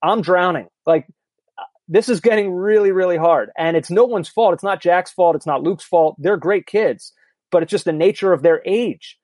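This podcast co-host, a man in his thirties, has a high, somewhat mellow voice and speaks at a moderate pace with no room sound. His casual chat is candid and self-deprecating, wandering a little as he goes.

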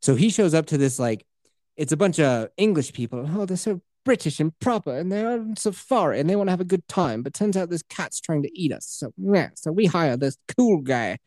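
Animated, profane male podcast host. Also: fairly high pitch, a little fast, dry recording, clean studio sound. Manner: animated, profane, slips into voices. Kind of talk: casual movie recap chat.

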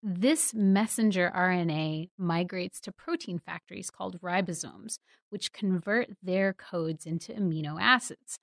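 A woman editor for a news site, explaining science stories in a clear, lightly humorous way. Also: fairly low pitch, measured pace, dry recording, clean studio sound.

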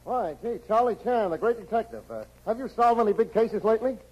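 A fawning, eager ticket clerk. His voice is high. It is a bit part in a 1940s radio comedy. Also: brisk, breathy edge, dull audio. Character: gushing male airline ticket clerk.

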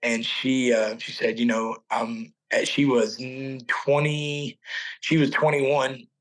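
Earnest halting man telling his testimony. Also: medium pitch, level tone, fairly bright tone, rough recording. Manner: earnest, halting, with many restarts. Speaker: podcast guest. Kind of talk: personal faith testimony.

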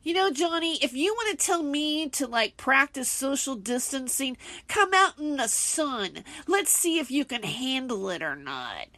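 A woman's voice: sits high, sing-song, measured pace, few pauses, sharp tone, no echo. A woman hosting a solo podcast, talking in an indignant, heated, rambling way with many fillers. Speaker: podcast host.

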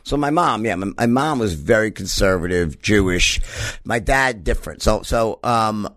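A man's voice: fairly low pitch, expressive, moderate pace, a bit bright. A man telling stories in an interview, emphatic and profane, often mimicking other voices. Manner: profane, emphatic, does mocking voices of his father. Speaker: podcast guest. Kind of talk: animated storytelling interview.

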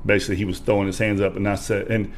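A man's voice: on the low side, racing, a little hiss or hum. A man, a podcast guest, telling a personal story in casual chat and acting out quotes with energy. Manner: animated storyteller who acts out quotes loudly.

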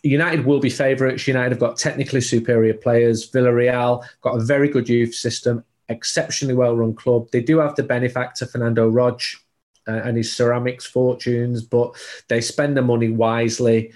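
A man's voice: mid-range voice, flat delivery, normal speed, a little mellow. A man, a football journalist chatting casually on a podcast, digressive and prone to restarts.

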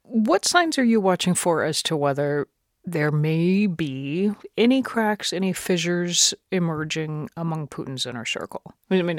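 A woman hosting a radio news program, asking measured, probing interview questions into a studio microphone. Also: low voice, no echo.

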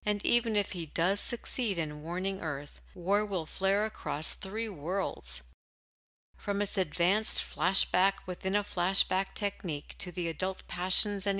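Bright-voiced woman announcing a story. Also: lowish voice, no echo, poor audio. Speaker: announcer introducing a radio play. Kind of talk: scripted promo narration.

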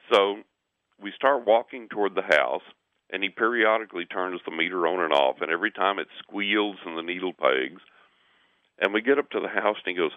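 A man's voice: low-pitched, lively intonation, brisk, no echo. A man telling a long personal story, acting out what people said, repeating words and laughing now and then. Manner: acts out quotes, repeats words, laughs mid-sentence. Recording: tinny phone line on radio.

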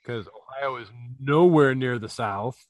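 A man's voice: medium pitch, a little slow, dry recording. Joking man co-host, salty banter, dry mic. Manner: joking, swears. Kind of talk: casual chat.

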